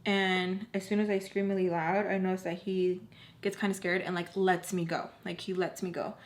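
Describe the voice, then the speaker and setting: A woman's voice: on the low side, level tone, moderate pace. A young woman in her twenties telling a personal story to camera in a casual storytime, filling her sentences with "like" and sometimes dropping to a near whisper. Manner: frequent "like" fillers, drops to near whispers when tense.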